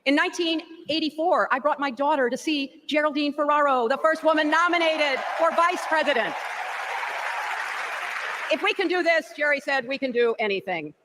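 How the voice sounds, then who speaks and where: A woman's voice: sits high, normal speed, a crowd in the background, noisy background. An older woman giving a rousing convention speech in rhythmic oratory, played from a broadcast. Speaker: political speaker.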